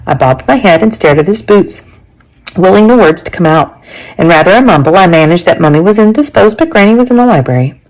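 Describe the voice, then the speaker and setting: A woman teacher reading a chapter book aloud to her class, expressive and chatty, with asides to her listeners. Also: fairly low pitch, brisk, low-quality recording.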